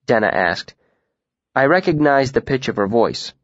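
A man reads a novel aloud in a measured, even narrating voice at a middle pitch. The sound is dry and somewhat dull, like a close but lo-fi studio recording. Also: no echo. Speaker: audiobook narrator. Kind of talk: scripted narration.

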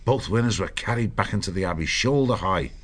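A man reads a storybook aloud in a steady, even narrating voice. His pitch sits low and deep, with an unhurried, grounded tone. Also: breathy edge. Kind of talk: audiobook narration.

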